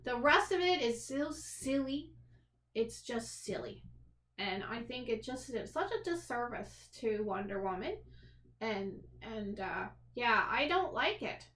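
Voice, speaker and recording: High-pitched female co-host, blunt critic, roomy recording. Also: animated, measured pace, fairly bright tone. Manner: blunt, dismissive, repeats herself. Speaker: podcast co-host. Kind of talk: casual movie review chat. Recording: echoey room.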